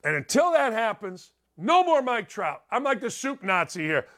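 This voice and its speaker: Middle-aged male sports talk host, high-pitched, loud, ranting, opinionated. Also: sing-song, normal speed.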